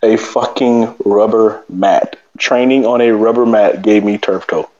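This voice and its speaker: A man co-hosting a podcast, telling stories in lively, profane casual banter. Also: on the low side, a little slow, muffled recording. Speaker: podcast co-host.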